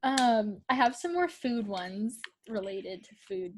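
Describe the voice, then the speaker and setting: A woman's voice: a little high, expressive, takes it slowly, a little hiss or hum. A young woman co-hosting a casual podcast, talking in a chatty way with lots of fillers and frequent laughs. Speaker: podcast co-host. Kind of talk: casual chat.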